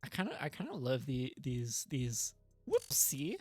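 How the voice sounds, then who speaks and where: A woman streaming a game, talking casually and gushing excitedly, with squeals and swearing. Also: extremely low pitch, a little slow, no echo, faint music behind.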